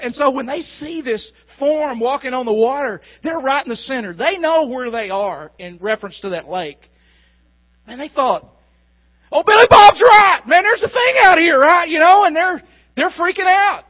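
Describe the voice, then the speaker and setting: A man preaching a sermon, telling the story in a folksy way and asking the crowd questions. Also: extremely high pitch. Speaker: pastor. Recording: tinny phone-like sound.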